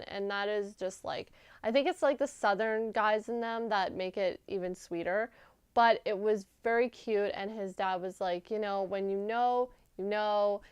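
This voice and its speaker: A woman's voice: medium pitch, clean tone, no room sound, studio quality. A young woman vlogger recapping a TV episode in a gushing, chatty way, full of "like"s. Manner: gushing, animated storytelling with many "like"s.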